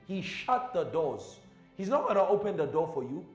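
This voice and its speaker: A man preaches, his voice pitched high and driving each line twice for emphasis. He swings from shouted peaks down to low, quiet asides. The sound is roomy and echoey, with faint music under him. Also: lively intonation, fairly quick. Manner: emphatic, repeats lines, rises to shouts then drops low. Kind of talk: sermon. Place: church.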